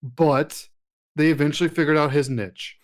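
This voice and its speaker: A man co-hosts a podcast in an easygoing, agreeable manner. His voice sits a little higher than most men's, and he recounts moments with quoted lines as he talks. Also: fairly even intonation, moderate pace. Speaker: podcast co-host. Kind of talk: casual wrestling review chat.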